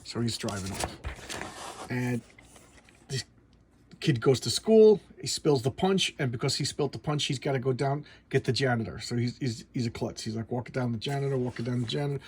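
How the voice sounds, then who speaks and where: A man's voice: medium pitch, moderate pace, slightly rough. A man casually reviewing a comic book at home, talking in a chatty way with many stumbling restarts.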